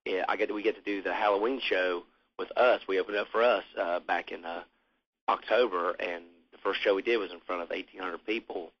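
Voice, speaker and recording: A man's voice: low voice, steady tone, fairly quick, husky. A man being interviewed about his band, talking in a rambling, laid-back way with casual swearing. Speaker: musician interviewee. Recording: muffled lo-fi recording.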